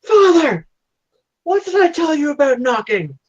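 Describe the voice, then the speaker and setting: A man voicing a coy young medieval daughter in a pleading falsetto. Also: sing-song, a little slow. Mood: indignant. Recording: muffled lo-fi audio.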